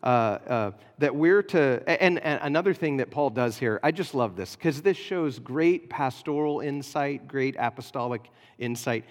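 A man's voice: medium pitch, normal speed, hardly any pauses. Earnest man preaching in a reverberant hall. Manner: earnest, explanatory, frequent "uh" fillers. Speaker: pastor. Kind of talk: sermon.

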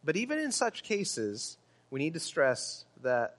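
A pastor's sermon from a man whose voice sits a little high. He presses on key words with earnest emphasis and drops the odd um. A long reverb trails his words through the sanctuary. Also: huge pitch swings, measured pace, fairly bright tone. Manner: earnest preaching with emphatic stresses and some ums.

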